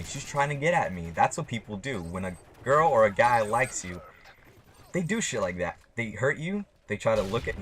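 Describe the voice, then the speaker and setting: A man's voice: medium pitch, fairly bright tone, a little hiss or hum. A young man telling a story to his camera in a casual, rambling way, swearing often and speaking bluntly. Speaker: vlogger.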